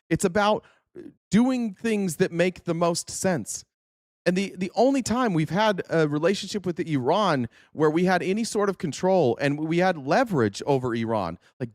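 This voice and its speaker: A man's voice: sits high, dry recording, clean studio sound. A man hosting a political commentary show, ranting in a heated, profane and insistent way. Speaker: host.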